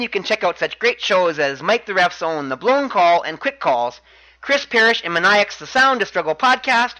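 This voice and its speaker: A man's voice: high voice, sharp tone, low-quality recording. A man hosting a podcast, recapping wrestling matches in a chatty way with wry asides. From Canada. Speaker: podcast host.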